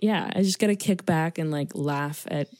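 A woman's voice: sits low, normal speed, a little mellow, no room sound, clean studio sound. A woman co-hosting a casual movie-review podcast, giggling often and joking sarcastically. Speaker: podcast co-host.

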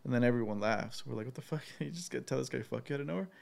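Man, casual chat, laid-back storyteller, heavy swearing, fillers, mid pitch. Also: expressive, rapid-fire, vocal fry.

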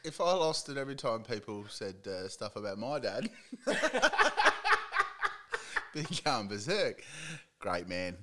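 A man's voice: fairly low pitch, sing-song, measured pace, pauses often, heavy background noise. A man hosting a podcast, chatting in a laddish, swearing banter and laughing often. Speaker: podcast host. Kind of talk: casual chat.

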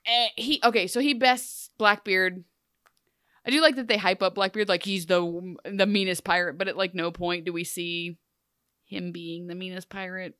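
A woman's voice: fairly low pitch, normal speed, no echo, clean studio sound. A woman co-hosting a podcast, casual and joking, telling a story with lots of asides. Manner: chatty, joking, animated storytelling. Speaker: podcast co-host. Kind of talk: casual chat.

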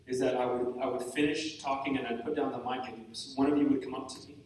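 A man's voice: mid-range voice, flat delivery, fast, a little mellow, recorded from a distance, a little hiss or hum. Joking man speaking in an echoey hall. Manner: candid, joking, self-deprecating. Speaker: retreat speaker. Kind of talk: talk to a live group. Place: large room with an audience. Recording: echoey hall, mic from afar.

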